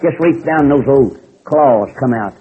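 Folksy preacher on a tinny line. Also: male voice, mid-range voice, unhurried, husky. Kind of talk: folksy sermon storytelling. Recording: tinny phone-like recording.

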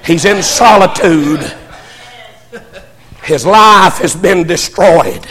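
An older man preaching a sermon as pastor, fervent, swelling into shouts and stammering restarts. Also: high voice, slow pace, long pauses, big-room sound, crowd noise.

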